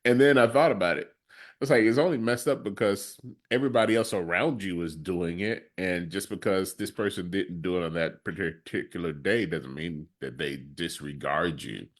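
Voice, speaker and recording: A middle-aged man co-hosting a casual podcast discussion, relaxed and chatty, sometimes acting out what people say. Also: normal speed. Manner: laid-back, acts out quoted lines in a higher voice. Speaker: co-host.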